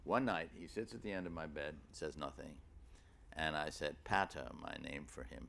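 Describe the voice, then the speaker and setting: Gravelly deep-voiced man, halting storyteller. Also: a bit bright, a little hiss or hum. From New York City. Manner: halting and rambling, many fillers and restarts; wry storyteller. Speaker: author in a public conversation. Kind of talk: live onstage conversation.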